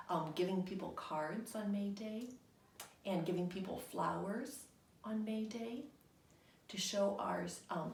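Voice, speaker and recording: A kindergarten teacher gives young children a remote lesson on the calendar and rebus words, using a patient, sing-song teacher voice and call-and-response. Her mid-range voice has vocal fry and is a little mellow, heard somewhat off-mic in a roomy home recording with slight background noise.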